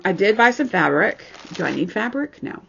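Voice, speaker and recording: Casual female craft vlogger, gravelly and husky, gushing and snarky. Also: medium pitch, sing-song, moderate pace, a bit bright. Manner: chatty, gushing, snarky asides, frequent restarts. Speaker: cross-stitch vlogger. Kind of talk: casual show-and-tell chat. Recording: slightly dull lo-fi sound.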